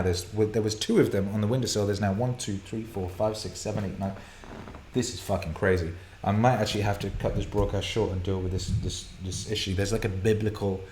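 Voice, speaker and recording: An excitable, foul-mouthed man hosts a live viewer Q&A stream from his home studio, reading out questions, laughing and rambling as he goes. His voice sits on the low side, and the room is echoey with a little background noise.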